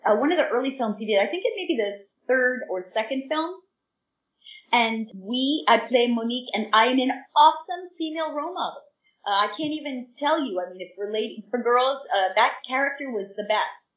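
A woman's voice: mid-range voice, far from the mic. A woman in her fifties, a guest actress in an interview, bubbly and eager and rambling on at length. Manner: bubbly and eager, talks in long rambling runs. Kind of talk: casual interview chat. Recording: dull, echoey remote audio from off-mic.

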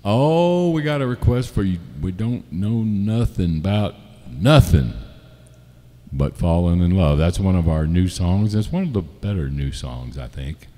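Male musician-host, lowish voice, casual and joking, halting delivery, reverberant home room, faint guitar behind. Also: lively intonation, warm tone. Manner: easygoing and joking, with frequent "uh" pauses. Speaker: musician hosting a live-stream show. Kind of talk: casual live-stream chat. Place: home setup, not a studio.

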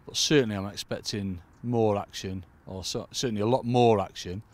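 Bloke, lowish voice, chatty fishing coach talking to the viewers outdoors by a lake. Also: male voice, steady tone, normal speed, darkish tone. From United Kingdom. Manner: chatty, keeps addressing "folks". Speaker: angling coach. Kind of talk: casual fishing tutorial. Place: lakeside outdoors in cold weather.

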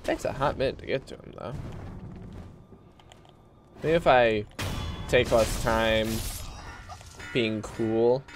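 A man streaming a video game, casually commenting and coaching himself through fights in excitable bursts and mutters. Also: mid-range voice, takes it slowly, pauses often, over music.

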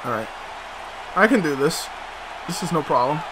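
A man's voice: on the high side, animated, normal speed, crowd noise, background noise. A man commenting on his own gameplay, muttering to himself, swearing in frustration and breaking into sudden outbursts. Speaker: let's play host.

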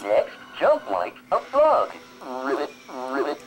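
A cheerful purple dinosaur toy calls out simple games in a slow, sing-song way. The pitch leaps and swoops all over. It is heard off a talking toy in a home video. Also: wildly swooping pitch. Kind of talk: recorded toy voice leading a sing-song game.

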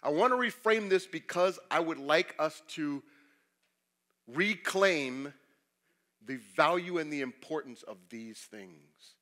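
Male pastor, sermon delivery, bright high-ish voice, rhetorical questions, big swings in loudness. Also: animated, slow pace. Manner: preaching with sweeping shifts between loud emphasis and quiet confession; asks the congregation rhetorical questions.

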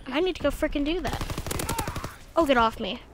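A young gaming video creator with a slight lisp comments casually on her own gameplay through a gaming headset, tired and cranky and mumbling asides to herself. Her voice is high and fairly quick, with a little hiss or hum in the audio.

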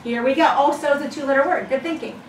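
A woman's voice: sits high, fast, slight background noise. A woman teaching first grade, leading a shared reading with encouragement and chanted rhythm in a classroom. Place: classroom with children. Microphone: far camera mic. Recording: echoey classroom from far off.

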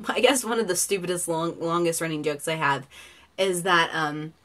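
A woman's voice: on the low side, moderate pace, fairly bright tone. A woman in her twenties chatting casually in a get-to-know-me vlog from her bedroom, rambling with lots of fillers and giggles. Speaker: vlogger.

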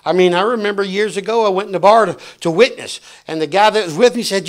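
High-voiced preacher swinging soft to shouting. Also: male voice, fast. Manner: dramatic swings from hushed to shouting, storytelling preacher. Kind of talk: sermon.

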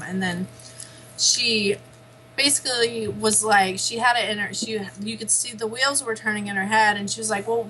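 A woman's voice: mid-range voice, sharp tone, a little hiss or hum, rough recording. A young woman and mother, chatting casually as a podcast guest, telling stories and laughing often. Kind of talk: casual chat.

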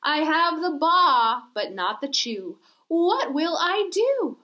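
A woman's voice: high-pitched, big pitch swings, slow pace, pushed and bright, full character voice. A woman voicing a sad little male sheep who needs to sneeze, pleading in a sing-song way during a children's storytime. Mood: plaintive.

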